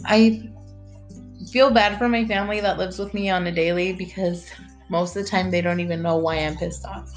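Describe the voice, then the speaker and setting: A woman's voice: fairly low pitch, fairly even intonation, normal speed, faint music behind. A young woman and mother talking candidly about her mental health in a personal vlog, blunt and rambling, with plenty of swearing and fillers.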